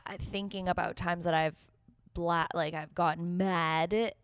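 A woman with a very low, smooth voice chats casually on a podcast. She mostly reacts to her co-host with short interjections. The sound is dry and close. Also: fairly even intonation, unhurried, no room sound. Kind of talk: casual chat.

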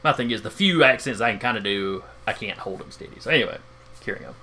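A man's voice: lowish voice, expressive, fast talker, bright, forceful tone, a little hiss or hum. A man running a tabletop role-playing game as game master, narrating hesitantly with many fillers.

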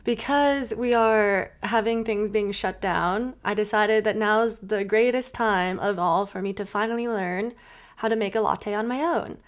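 A woman's voice: mid-range voice, unhurried. A woman from Minnesota hosting a casual chat with friends, bubbly and laughing often. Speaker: host.

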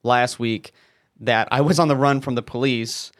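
A man's voice: mid-range voice, fairly even intonation, moderate pace, no room sound, clean studio sound. A young man co-hosting a podcast in casual chat, laid-back and playfully teasing. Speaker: podcast co-host.

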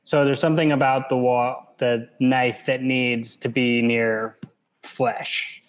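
A man co-hosting a casual podcast, reading a novel aloud and explaining it as he goes, relaxed and often laughing. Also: medium pitch, slow, low-quality recording.

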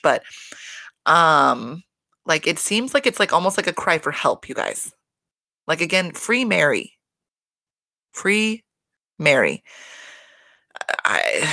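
A young woman chats into a close mic, recapping reality TV in a gossipy, exasperated way and swearing freely. Her voice sits on the low side for a woman. The sound is dry, with no room echo. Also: pushed and bright. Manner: profane, gossipy, exasperated, lots of fillers. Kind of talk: casual chat.

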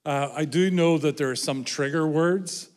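A man from Ireland preaches a sermon in a reverberant church hall, joking with the congregation about himself in a self-deprecating way. His Irish-accented voice is a little high and a little mellow, at a normal speed.

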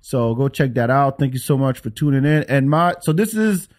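A man hosting a casual podcast chat, speaking with an African French accent, relaxed and quick to laugh. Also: mid-range voice. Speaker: podcast host.

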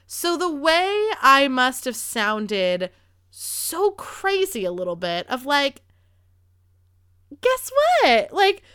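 Woman, 30s, podcast host, casual storytelling, clear smooth voice, dry close sound. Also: sits high, very animated, slow pace, sharp tone, dry recording. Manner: chatty, rambling, swears freely, heavy use of "like".

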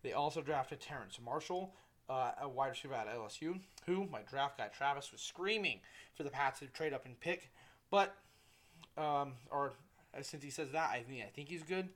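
A man's voice: mid-range voice, expressive, moderate pace, a bit bright. A young man hosting his own casual sports podcast, rambling, correcting himself and swearing freely. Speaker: solo podcast host.

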